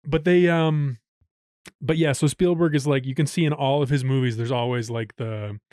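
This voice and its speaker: A man's voice: medium pitch, steady tone, moderate pace, a little mellow, no echo, clean studio sound. A man co-hosting a podcast in casual chat, talking loosely and often saying "like". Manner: chatty, leaning on "like" and "um" fillers. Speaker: podcast co-host.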